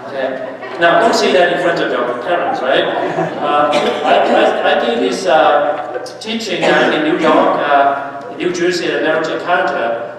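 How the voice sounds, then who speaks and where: A man's voice: on the high side, a little slow, far from the mic, crowd noise. Man preaching in an echoey church. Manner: animated, anecdotal, with asides and laughter. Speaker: priest leading a Lenten mission. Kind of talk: sermon. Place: large church.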